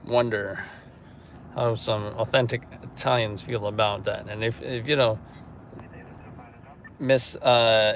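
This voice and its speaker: Low-key man chatting on a livestream. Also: creaky, a little hiss or hum. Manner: low-key, reading comments aloud. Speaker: news stringer livestreamer. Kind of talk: casual livestream chat.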